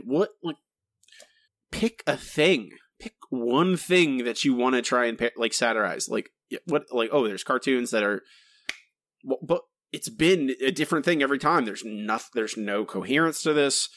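A man's voice: medium pitch, normal speed, a bit bright, dry recording, clean studio sound. A man co-hosting a podcast, ranting in exasperated casual chat with many restarts and asides. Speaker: podcast co-host.

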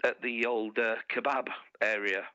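A man's voice: medium pitch, fairly even intonation, measured pace, pushed and bright, no room sound. A man telling a bawdy, sweary story in casual chat, laughing as he goes, on dull lo-fi podcast audio.

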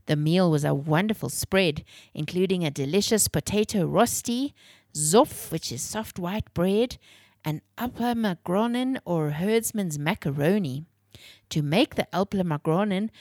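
A woman reading a children's story aloud in a clear, expressive way. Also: on the low side, no echo, clean studio sound.

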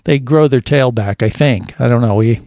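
A man's voice: medium pitch, normal speed, warm tone, no room sound. A man hosting a radio show, chatting in a casual, rambling and joking way in a studio. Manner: jokey, rambling banter.

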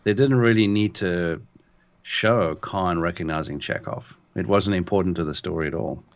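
A man's voice: deep voice, moderate pace, muffled recording. A man co-hosting a podcast in casual chat, thoughtful and hesitant. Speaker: podcast co-host.

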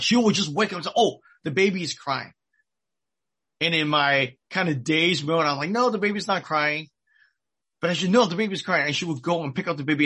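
A man's voice: a little high, fairly bright tone, slightly rough. A middle-aged man preaching a sermon, retelling a story earnestly and repeating his key points. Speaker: pastor.

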